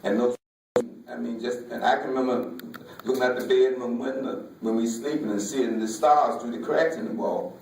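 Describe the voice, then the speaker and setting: A man, a folk artist, giving an emotional personal talk in a halting way, often repeating words, with Southern vernacular. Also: medium pitch, steady tone, vocal fry, a little mellow, a little hiss or hum. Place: museum lecture hall. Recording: echoey hall, voice from far off.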